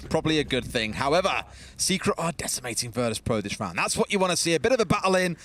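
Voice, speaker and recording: A man's voice: on the high side, big pitch swings, fast talker, a bit bright. A man from England doing color commentary on an esports match, teasing his co-caster and laughing often.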